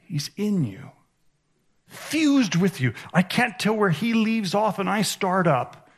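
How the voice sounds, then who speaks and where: Animated high-voiced male preacher. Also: slow pace. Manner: animated and emphatic, swinging between hushed and raised. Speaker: conference speaker. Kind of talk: sermon. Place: conference hall.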